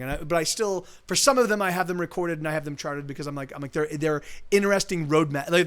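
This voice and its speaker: High-voiced man rambling between songs. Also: fairly bright tone. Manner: rambling, many restarts, swears and laughs. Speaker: singer-songwriter streaming live. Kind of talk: casual chat between songs. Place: home streaming setup. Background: acoustic guitar.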